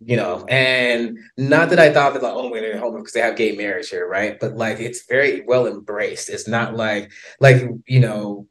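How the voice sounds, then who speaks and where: An American man with an American accent, a podcast guest talking in a casual, animated way, laughing often and using many fillers. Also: on the low side, moderate pace. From United States. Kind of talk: casual interview chat.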